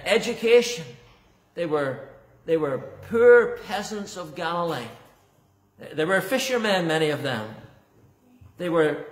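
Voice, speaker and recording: A man preaching a sermon as pastor, earnest and emphatic, often repeating words for stress. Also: fairly high pitch. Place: church. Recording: echoey church hall.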